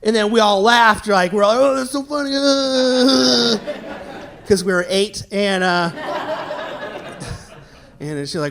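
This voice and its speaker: A young man doing stand-up comedy with a high voice that climbs and swoops all over. He tells his stories with lots of animation and bursts into shouted quotes of the people in them. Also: lively intonation, normal speed. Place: comedy stage before a live audience.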